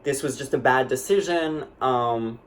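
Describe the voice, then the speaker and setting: A man's voice: medium pitch, a little slow, slight background noise, natural voice. A man playing a young woman vlogger who tells a dramatic storytime, rambling and full of "like". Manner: rambling, lots of "like", breathless and dramatic. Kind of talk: comedic storytime monologue.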